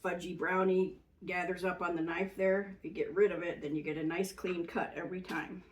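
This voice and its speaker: Chatty woman, low voice, a bit off-mic. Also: steady tone, a little fast, far from the mic, low-quality recording. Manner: chatty, plain, step-by-step explaining with fillers. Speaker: cooking channel host. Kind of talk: casual cooking demonstration.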